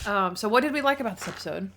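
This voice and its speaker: A young woman co-hosting a podcast, chatting casually and excitedly with many fillers. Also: medium pitch, very fast, slight background noise. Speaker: podcast co-host. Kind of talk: casual chat.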